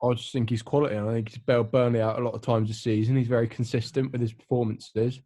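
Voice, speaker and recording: A man's voice: mid-range voice, little pitch movement, fast talker, dark tone. A young man talking football in a casual chat with friends, earnest and long-winded, with many fillers. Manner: earnest, explains at length with fillers. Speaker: co-host.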